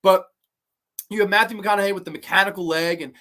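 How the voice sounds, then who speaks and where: A man's voice: sits high, steady tone, quick pace, pushed and bright. A man hosting a livestream, giving casual and profane commentary on horror films while reacting to chat.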